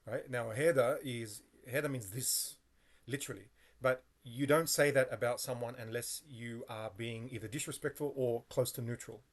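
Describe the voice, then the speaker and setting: A man's voice: medium pitch, fairly even intonation, moderate pace. A man telling a personal story in a casual vlog monologue, meandering and correcting himself as he goes. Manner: meandering, with frequent fillers and self-corrections. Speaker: vlogger.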